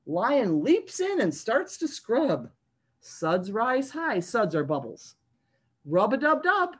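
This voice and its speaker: Reading slowly in a fairly high, breathy voice, a woman librarian presents a picture book to young children via video call. She sounds sing-song and animated and stops to ask the kids questions.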